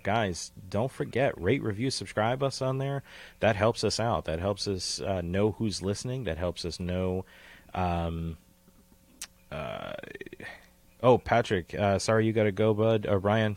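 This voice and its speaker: A man's voice: low voice, a little slow, darkish tone, no room sound. A man co-hosting a casual podcast, rambling and profane, often trailing into tangents and laughing at himself. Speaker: podcast co-host.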